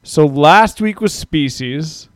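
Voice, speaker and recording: A man's voice: a little high, lively intonation, takes it slowly, no echo. A man hosting a live stream, chatting casually and rambling as he reads out viewers' comments. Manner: rambling, talks to chat viewers, mock-quotes people. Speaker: podcast host.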